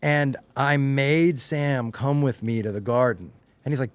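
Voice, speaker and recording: A middle-aged man with a faint Long Island accent, recorded close on a dry mic with no room sound. He talks in an easygoing, animated way, often putting on the voices of the people in his stories. His pitch is middle of the range for a man. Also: a little slow, hardly any pauses, clean tone, no room sound. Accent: slight Long Island. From Long Island, New York. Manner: animated storyteller, acts out quotes with rising excitement. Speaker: podcast guest, showrunner. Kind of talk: casual chat.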